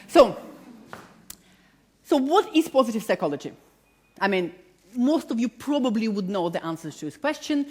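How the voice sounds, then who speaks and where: A woman in her forties with a non-native, slightly British-tinged accent, giving an enthusiastic talk to a live audience and speaking to them directly. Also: medium pitch. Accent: non-native English with a slight British tinge. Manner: enthusiastic, self-deprecating, addresses audience directly. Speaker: positive psychology lecturer. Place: large public hall.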